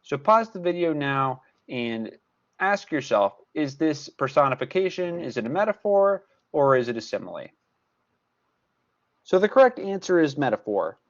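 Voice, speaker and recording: A man's voice: on the high side, very animated, normal speed, dull audio. A man tutor explaining a lesson step by step, repeating key points with emphasis. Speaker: math tutor. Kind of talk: recorded class lesson.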